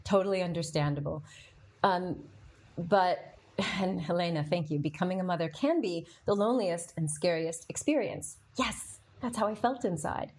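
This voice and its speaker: A middle-aged woman with a fairly low voice tells her own story on a podcast. She talks candidly and with feeling, and she answers the comments of her live audience as she goes. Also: normal speed, darkish tone. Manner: candid and emotional, with frequent fillers. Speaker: podcast host.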